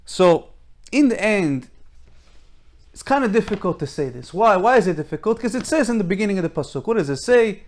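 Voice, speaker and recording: A man's voice: sits high, very animated, a little fast. A man giving an informal Torah lecture, emphatic and full of rhetorical questions, often restarting his sentences. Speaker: Torah teacher.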